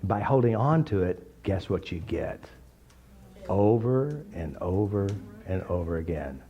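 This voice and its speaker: A man's voice: low-pitched, unhurried. Blunt, joking man teaching. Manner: blunt, joking, animated storytelling. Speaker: therapy method teacher. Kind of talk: informal teaching talk with anecdotes. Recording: slightly dull recording.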